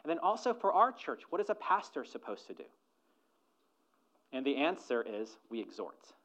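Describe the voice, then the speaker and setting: A man preaching a sermon as a pastor, moving between soft asides and loud emphatic lines and putting rhetorical questions to the congregation. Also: mid-range voice, very animated, moderate pace.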